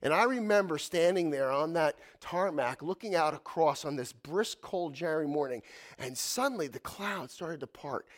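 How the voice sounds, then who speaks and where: A man in his fifties preaching a sermon in a church, animated, swinging from loud exclamations to hushed asides. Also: on the high side, moderate pace. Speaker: pastor.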